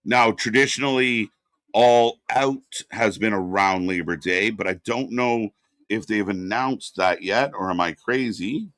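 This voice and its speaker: A man co-hosting a live wrestling watch party, reacting and chatting casually, rambling with fillers and breaking into loud excited bursts. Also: lowish voice, a little slow, no room sound, clean studio sound.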